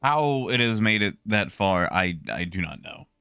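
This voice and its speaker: A young man casually chatting with his stream viewers, relaxed and talkative, greeting people by name. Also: on the low side, unhurried, vocal fry, clean tone, no room sound. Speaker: livestreamer.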